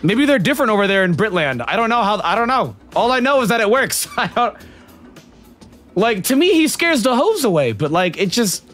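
A male streamer chatting casually with his viewers in a slangy, profane way. His fairly high voice leaps around, shifting quickly from mellow sincerity to loud laughter. Faint game music plays in the background. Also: sing-song. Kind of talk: casual livestream chat with viewers.

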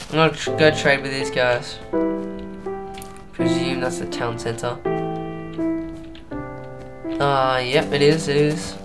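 A young man giving casual, rambling commentary while playing a video game. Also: medium pitch. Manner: rambling, unhurried, thinking aloud. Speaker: let's play gamer.

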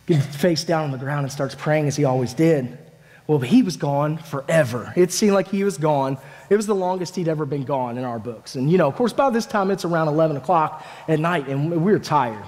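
A man, a families minister, preaching a sermon as a lively first-person story told in the voice of a disciple, with casual, dramatic phrasing. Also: on the high side, normal speed. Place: church sanctuary. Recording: echoey church hall.

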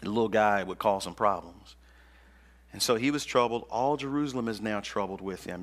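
A male pastor preaching a sermon in an emphatic, colloquial, slangy manner. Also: medium pitch.

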